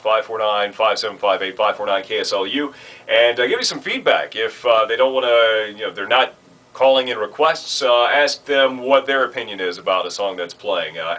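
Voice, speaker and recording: Low-voiced man teaching radio basics. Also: a bit bright, low-quality recording. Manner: conversational, many "uh" fillers. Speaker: radio station trainer. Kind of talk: instructional talk.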